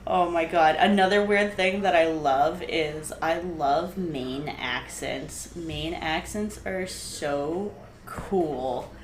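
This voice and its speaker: A young woman co-hosts a casual podcast, rambling in an animated, slangy way. Her voice sits a little low. The room echoes noticeably, with a faint hiss underneath. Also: extremely slow. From New England. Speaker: podcast co-host. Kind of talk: casual chat.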